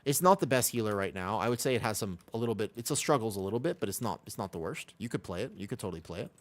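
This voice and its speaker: A lowish male voice with lively intonation, talking at a racing pace. He's an American from Los Angeles, USA, chatting casually on a live game stream as he reads out viewer questions and answers them.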